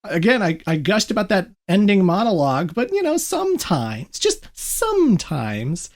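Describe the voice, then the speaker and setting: A podcast host in casual gaming chat, jokey and quick to laugh. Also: mid-range voice, big pitch swings.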